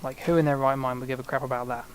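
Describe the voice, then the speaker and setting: A man's voice: mid-range voice, little pitch movement, racing, a little hiss or hum. Rambling man narrating his gameplay. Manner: rambling, self-mocking asides. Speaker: gaming channel host. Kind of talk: casual let's-play commentary.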